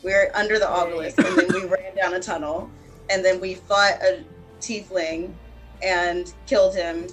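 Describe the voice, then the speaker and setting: A woman's voice: lowish voice, steady tone, moderate pace, faint music behind, low-quality recording. Rambling woman recapping a game. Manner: rambling, says "like" constantly. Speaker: player. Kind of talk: casual tabletop recap.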